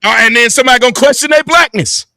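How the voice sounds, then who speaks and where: A man's voice: extremely high pitch, rapid-fire, sharp tone, dry recording, clean studio sound. A man hosting a streamed panel, arguing his point hard and challenging his guests. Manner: argumentative, challenging. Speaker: host of a reaction stream. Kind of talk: heated panel debate.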